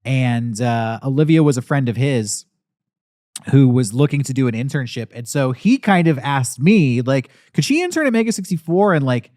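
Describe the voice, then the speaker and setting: A man's voice: medium pitch, moderate pace, no room sound. Man hosting a casual podcast, dry sound. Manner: relaxed, reads listener questions aloud. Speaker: podcast host. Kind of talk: casual chat.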